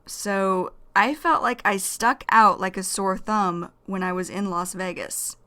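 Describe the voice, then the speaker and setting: A woman teaching English vocabulary in a slow, careful lesson, repeating each key phrase. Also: medium pitch, fairly bright tone.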